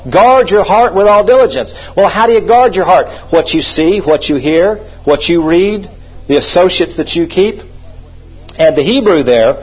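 A man's voice: a little high, fairly quick, breathy edge. A man preaching a sermon emphatically and having the congregation repeat phrases. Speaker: pastor. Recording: dull lo-fi recording.

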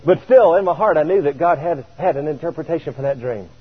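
A man preaching a sermon, telling a story in an animated way and chuckling now and then. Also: on the high side, fast, breathy edge. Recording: tinny radio broadcast.

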